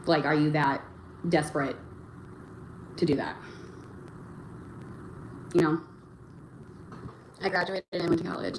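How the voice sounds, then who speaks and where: Young woman, livestream host, lowish voice, halting rambling delivery, echoey room with faint noise. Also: fairly even intonation. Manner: rambling, halting, full of fillers and restarts. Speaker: livestream host reading chat. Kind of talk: casual livestream chat. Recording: roomy echo, faint background noise.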